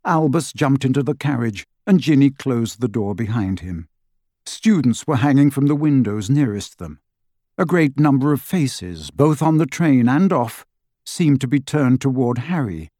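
A man narrating an audiobook in a measured, expressive storytelling manner, recorded close in a studio. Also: medium pitch, no room sound. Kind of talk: scripted narration. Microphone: close studio mic.

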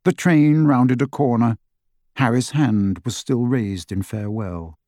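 A man narrating an audiobook in a measured, expressive storytelling manner, recorded close in a studio. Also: medium pitch, no echo. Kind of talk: scripted narration. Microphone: close studio mic.

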